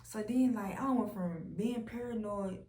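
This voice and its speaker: A young woman recounts her own testimony in a loose, unpolished way, swearing openly and leaning on "like" as she goes. Her voice sits at an ordinary pitch. The room around her carries a noticeable echo. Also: unhurried, dark tone. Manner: candid, profane, lots of "like" fillers. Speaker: vlogger sharing a personal testimony. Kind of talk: casual storytelling testimony. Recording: roomy echo.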